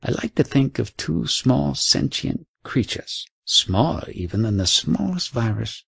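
A man narrating an audiobook in a measured, storytelling way. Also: mid-range voice, very animated, creaky, fairly bright tone, husky, dry recording, clean studio sound. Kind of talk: audiobook reading.

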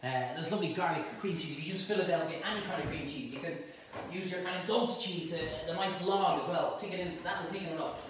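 A man's voice: high voice, fast, heavy reverb, recorded from a distance, background noise. A man hosting a casual cooking demonstration, chatty and jokey as he cooks and talks to his helpers in a home kitchen. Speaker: cooking show host.

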